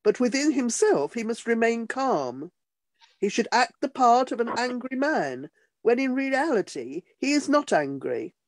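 A woman reading a passage aloud for a class in a measured, deliberate way. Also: fairly high pitch, big pitch swings, no room sound. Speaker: class participant reading a text.

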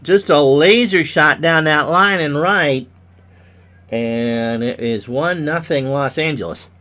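Stuffy man, fairly high voice, solo baseball play-by-play; loud on hits, low for asides. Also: slow. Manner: rises loudly on hits, drops low for asides. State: stuffy from sneezing. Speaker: play-by-play commentator of a simulated game.

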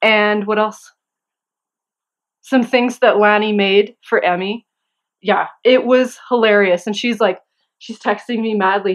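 A woman's voice: mid-range voice, normal speed. Chatty giggly woman knitting podcaster. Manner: chatty, giggly, excitable asides. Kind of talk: casual chat to camera. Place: home.

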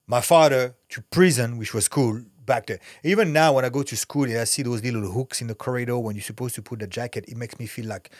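A man's voice: mid-range voice, quick pace, few pauses, no echo, studio quality. A middle-aged man, an actor and former fighter, talking candidly as a podcast guest in a blunt, intense way and swearing freely. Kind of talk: candid podcast interview talk.

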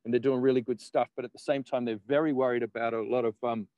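A man's voice: medium pitch, steady tone, fast, dark tone, smooth, no echo, lo-fi sound. A man, a guest in casual conversation, rambling with laughs and the odd swear word.

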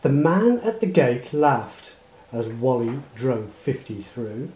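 Male read-aloud narrator, unhurried and lilting, echoey room. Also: mid-range voice, highs cut off. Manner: expressive read-aloud storytelling. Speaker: storybook reader. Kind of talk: reading a children's picture book aloud. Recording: roomy echo.

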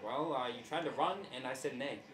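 A man's voice: mid-range voice, fairly quick, a bit bright. A young man playing a football video game, teasing his opponent and laughing constantly. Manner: giggly, teasing, laughs a lot. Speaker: gamer co-host. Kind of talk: casual gameplay banter. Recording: echoey room.

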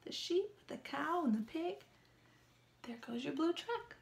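A woman with a high voice reads a picture book to young children at a slow, careful pace. She is animated and sing-song and keeps stopping to ask her listeners questions. She records from a small room. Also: gravelly. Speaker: children's librarian. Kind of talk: children's story time reading with sign language.

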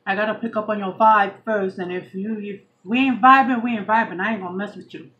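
A woman's voice: mid-range voice, fairly even intonation, fast, a bit bright, highs cut off. A woman from Brooklyn, New York, with a Southern US accent, chatting casually while she eats at home by a window for her mukbang video. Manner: chatty, slangy, laid-back, eating between sentences. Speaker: mukbang vlogger.

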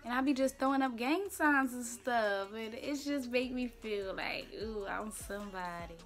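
Hosting a casual talk show from a room in her home, a young woman chats away playfully and with strong opinions, using slang and filler words. Her voice is a little high and moves at a moderate pace, with soft background music underneath.

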